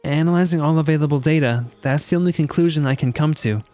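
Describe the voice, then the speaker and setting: Man playing a gentle, analytical game AI, polite young male. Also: a little high, quick pace, faint music behind, natural voice. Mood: earnest.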